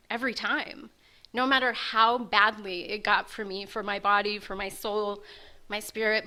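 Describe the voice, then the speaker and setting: A woman's voice: medium pitch, pushed and bright. A woman candidly sharing her personal recovery story in a self-mocking, storytelling way.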